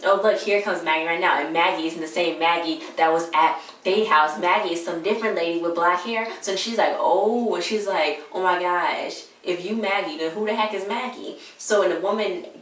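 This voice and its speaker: A woman's voice: fairly low pitch, moderate pace, few pauses, fairly bright tone. A woman casually recapping a TV episode, chatting away and retelling scenes with quoted lines. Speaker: TV episode reviewer. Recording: echoey room, far from mic.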